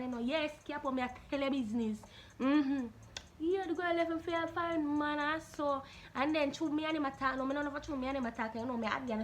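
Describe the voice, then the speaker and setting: A Jamaican woman YouTuber answering viewer questions in a blunt, animated, Patois-laced way. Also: high voice, slight background noise. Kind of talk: casual Q&A vlog.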